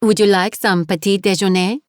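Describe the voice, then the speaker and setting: A woman voicing a kindly, cheerful French guest house landlady with a French accent, fussing warmly over her guest. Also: medium pitch, steady tone, moderate pace, no echo, clean studio sound, close to an everyday voice. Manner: warm, fussing, motherly.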